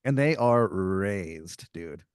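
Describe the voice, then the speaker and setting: A man's voice: deep voice, expressive, extremely slow, clear, resonant tone, no echo, studio quality. A man improvising a story as game master on a comedy podcast, rambling with lots of fillers.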